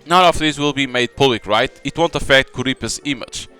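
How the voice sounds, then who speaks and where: A man's voice: medium pitch, a little fast, bright, forceful tone, smooth, faint music behind, lightly acted. A man voicing a worried, business-minded woman manager in a mystery game. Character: worried female talent manager.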